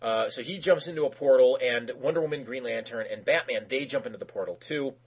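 A man's voice: medium pitch, a little fast, husky. A man recapping a cartoon episode in casual chat, rambling with lots of fillers and restarts, and acting out quoted characters in raised voices.

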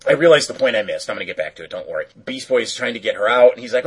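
Rambling, husky man recapping a cartoon. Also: mid-range voice, expressive, rapid-fire, hardly any pauses, poor audio. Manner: rambling, filler-heavy, self-correcting. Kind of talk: casual episode recap.

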